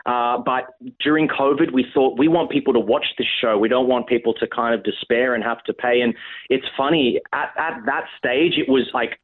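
Man on a tinny phone line. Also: mid-range voice. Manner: hesitant, halting with restarts. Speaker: guest actor. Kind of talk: phone interview.

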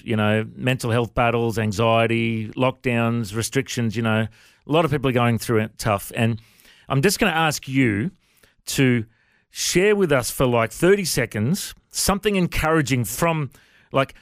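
A man's voice: medium pitch, no echo, clean studio sound. A man hosting a radio interview in a chatty, friendly way. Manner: chatty, says mate. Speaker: radio host.

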